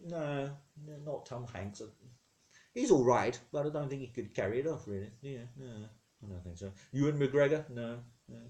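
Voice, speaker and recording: A man's voice: mid-range voice, mellow. A man with a posh British accent hosting a comedy show as God, chatty and easily sidetracked, rambling and interrupting himself. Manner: rambling, digressive, self-interrupting. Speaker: comedy podcast host. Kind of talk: comedic character monologue answering listener questions.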